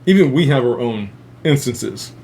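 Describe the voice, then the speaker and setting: A man's voice: medium pitch, animated, moderate pace, darkish tone. A man hosting a casual live stream, rambling with heavy swearing and frequent laughter, with a faint hum behind him. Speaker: host.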